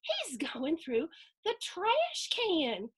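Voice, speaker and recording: A middle-aged woman, reading a picture book aloud to children with animated gasps and playful asides. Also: very high-pitched, extremely slow. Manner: animated, gasping, playful asides to young listeners. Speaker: storytime host reading to children.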